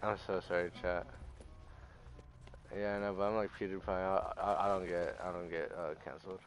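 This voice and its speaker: A man's voice: deep voice, little pitch movement, moderate pace. A young man streaming a game live, chatting loosely and swearing a lot as he talks to his viewers. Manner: profane, loose and jokey, talking to chat. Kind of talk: casual live-stream gaming chat.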